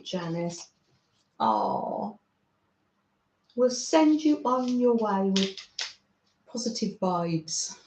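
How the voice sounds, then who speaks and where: Slow-talking British woman, roomy dull audio. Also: fairly high pitch, dark tone. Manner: chatty, reads out viewer comments, laughs often. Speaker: craft livestream host. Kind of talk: casual livestream chat.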